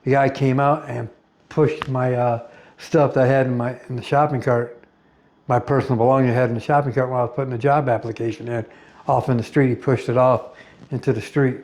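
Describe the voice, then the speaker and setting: Middle-aged man, from the US, blunt and profane, halting, many fillers, rambling monologue. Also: medium pitch, fairly even intonation, a little mellow. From United States. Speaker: vlogger.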